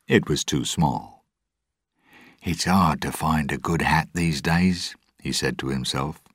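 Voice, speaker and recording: A man narrating a storybook in a measured, deliberate read-aloud. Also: a bass voice, husky, dry recording, clean studio sound.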